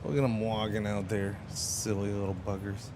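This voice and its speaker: A man's voice: fairly low pitch, level tone, normal speed, noisy background. A man streaming a game, chatting casually and rambling with playful exclamations. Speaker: livestreamer. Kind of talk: casual gaming commentary.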